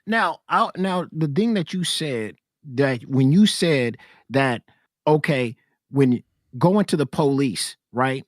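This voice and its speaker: A man's voice: mid-range voice, lively intonation, takes it slowly, dry recording, clean studio sound. A man arguing hard in a casual debate, confrontational, repeating himself to cut others off.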